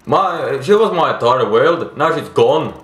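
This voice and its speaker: Man doing a heartbroken, swearing Aussie widower for a game dub, higher and louder than his own voice. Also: animated, a little slow, roomy sound. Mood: grieving. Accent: put-on Australian. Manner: swearing, despairing, calls everyone mate. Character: grieving foul-mouthed widower man, Australian.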